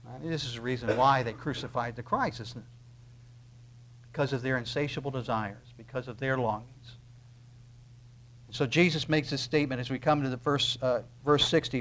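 A middle-aged male pastor preaching a sermon, swinging from loud stressed phrases down to quiet asides. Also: moderate pace. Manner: emphatic, rising to loud stresses then dropping low.

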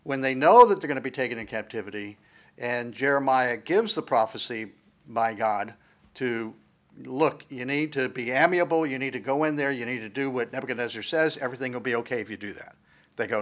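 Man preaching with animated storytelling. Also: mid-range voice, moderate pace. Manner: animated storytelling, reads scripture aloud with rising emphasis; frequent fillers and asides. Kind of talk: sermon.

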